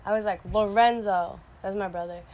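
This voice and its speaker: A young woman telling a story on her vlog, casual and animated, full of "like" and slang, bursting into loud quoted lines. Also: mid-range voice, moderate pace. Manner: animated, dramatic retelling with sudden loud quoted outbursts; many "like" fillers, slangy talk. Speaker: storyteller vlogger.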